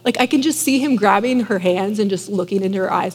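A woman's voice: medium pitch, quick pace, big-room sound, slight background noise. A woman in her thirties, a mother, giving an earnest, casual devotional talk full of "like". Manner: earnest, many fillers of "like". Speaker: Christian speaker.

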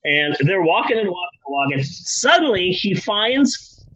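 A man co-hosting a podcast, telling a history story in a comedic, profane and animated way over dull lo-fi sound. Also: high voice, unhurried.

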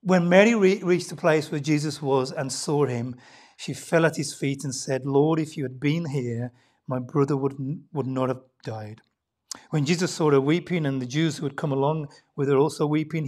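A woman with a lowish, husky voice preaches a sermon in a church. Her delivery is dynamic and conversational, full of rhetorical questions, with loud emphatic stretches that drop to hushed near-whispers.

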